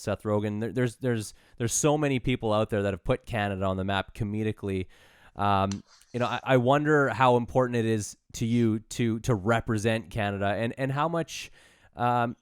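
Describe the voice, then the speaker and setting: A man's voice: on the low side, clear, resonant tone, no room sound, studio quality. A man hosting a podcast, asking long, thoughtful questions and repeating words as he forms them. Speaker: podcast host. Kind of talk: interview questions.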